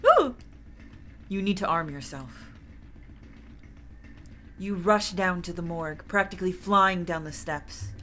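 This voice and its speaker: A woman streamer reading a story game aloud with dramatic narration, breaking into lively chat with loud exclamations. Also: lowish voice, measured pace, pauses often, a little hiss or hum. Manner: animated, bursts of loud exclamations and laughter.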